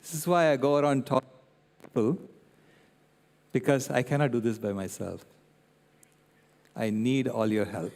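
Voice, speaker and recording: A man's voice: medium pitch, normal speed, long pauses. Older man telling a story in a hall. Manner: animated storyteller, checks in with "right?" and "okay?". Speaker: guest speaker. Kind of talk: public talk with storytelling. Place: convention centre hall. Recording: long reverb in a large hall.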